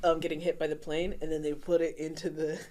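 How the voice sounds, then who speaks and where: A woman from Florida, a guest on a podcast, chatting casually with a relaxed, teasing manner. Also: low voice, fast talker. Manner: laughs often, relaxed and teasing. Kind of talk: casual chat.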